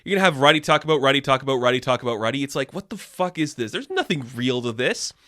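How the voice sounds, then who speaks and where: A man's voice: mid-range voice, animated, fast talker, sharp tone. Exasperated man ranting a review. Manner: exasperated, profane, sarcastic. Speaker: video reviewer. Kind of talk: casual review rant.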